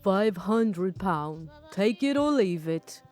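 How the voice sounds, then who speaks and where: A woman voicing a pushy middle-aged man haggling over a car, in a put-on accent that keeps drifting, with a deeper voice than her own. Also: lively intonation, slow pace, a little mellow, soft background music.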